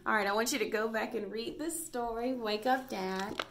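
A woman's voice: on the high side, normal speed, a bit bright, slight background noise. A woman teaching a recorded reading lesson to first graders, patient and praising as she spells out letters.

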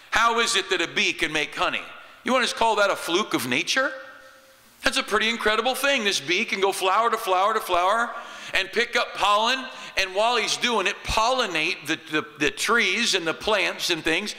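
A middle-aged male pastor preaching with a bright, somewhat high voice. He swings from loud, emphatic exclamations to hushed asides, and his words ring out with a long reverb through the church hall. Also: lively intonation, normal speed. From United States. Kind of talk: sermon. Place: church sanctuary.

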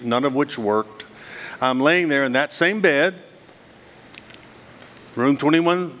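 A middle-aged man with a mid-range, slightly bright voice delivers a guest sermon in a church hall, recounting his story earnestly and dramatically. He leans on rhetorical questions throughout, and the recording carries the long reverb of the hall.

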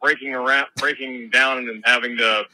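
A man's voice: mid-range voice, fairly even intonation, moderate pace, pushed and bright, dry recording, rough recording. A man who drives trucks, leaving a rambling voicemail from his cab in a put-on accent and swearing casually. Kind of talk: voicemail message. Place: truck cab while driving.

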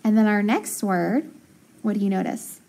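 A woman's voice: medium pitch, lively intonation, moderate pace, warm tone, rough recording. A woman teacher walking young children through phonics, splitting words into syllables, sounding them out, and praising them.

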